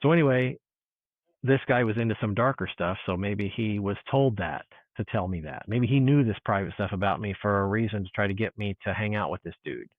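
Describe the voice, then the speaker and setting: A man telling a personal encounter story in casual chat, animated and full of restarts, acting out what people said. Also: lowish voice, brisk, no echo. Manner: animated storyteller, restarts, acts out quoted dialogue. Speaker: guest. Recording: tinny phone-like line.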